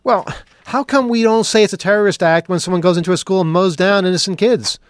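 A man's voice: sits high, fast talker, no echo, clean studio sound. A man hosting a talk show, riffing sarcastically with mock questions and then turning earnest. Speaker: podcast host. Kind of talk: opinionated talk show monologue.

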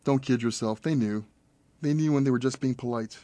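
A man voicing a troubled, anxious woman in a storybook reading, pleading and sharp-tongued. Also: mid-range voice, brisk, dry recording, close to an everyday voice. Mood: bitter. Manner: urgent, pleading.

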